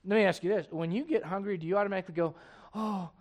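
High-voiced man preaching a sermon. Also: racing. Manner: conversational, jokes with the congregation and reads scripture aloud. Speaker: pastor.

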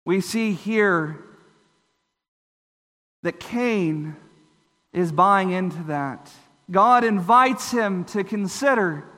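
Bright-voiced preacher in an echoing hall. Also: male voice, high-pitched, extremely slow, long pauses. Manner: earnest, explanatory, with brief voiced asides. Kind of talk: sermon.

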